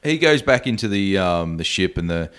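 A man with a very low, deep voice recounts a film's plot in loose, rambling talk. He keeps stopping on fillers and restarts as he goes. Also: lively intonation, moderate pace, a bit bright, clear, resonant tone. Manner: meandering retelling with fillers. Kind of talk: casual film review chat.

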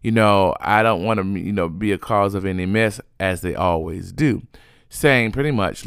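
A man giving a sassy, chatty recap of reality TV gossip, animated and full of fillers, yawning now and then. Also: low-pitched, normal speed, creaky, clean tone, no echo, clean studio sound. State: sleepy, yawning.

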